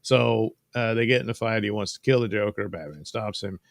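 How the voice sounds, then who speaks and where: Casual male comic host, low and gravelly, folksy and rambling, close dry sound. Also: fairly quick, dry recording. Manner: rambling, folksy, wry asides. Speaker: comic book reviewer and show host. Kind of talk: casual comic book recap.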